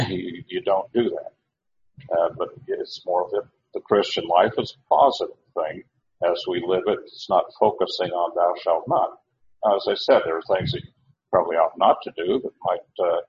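A man giving a verse-by-verse Bible teaching, halting and restarting often, slowing down to stress key words. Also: sits low, a little mellow, highs cut off. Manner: halting, with many restarts and uhs.

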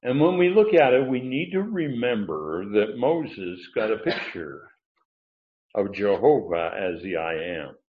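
A man preaching a sermon, teaching from his notes with emphatic pauses and frequent filler words. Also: lowish voice, very animated. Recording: dull, echoey room sound.

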